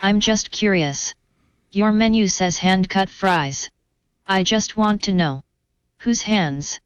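A synthetic text-to-speech voice playing a female AI bot that complains, deadpan and nitpicking, in a prank phone call. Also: medium pitch, slow, smooth, dry recording. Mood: deadpan demanding. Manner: deadpan, pedantic demands. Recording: dull phone line. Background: radio prank call.

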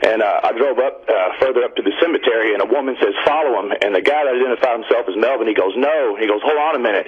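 Husky-voiced male radio caller. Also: lowish voice. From Indiana. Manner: rambling, excited storytelling with fillers. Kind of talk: call-in radio story. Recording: dull radio line.

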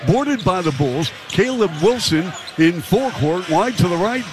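A male play-by-play announcer calling a basketball game, with rapid, punchy calls that rise to shouts on big plays. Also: high-pitched, lively intonation, noisy background. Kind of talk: live basketball commentary.

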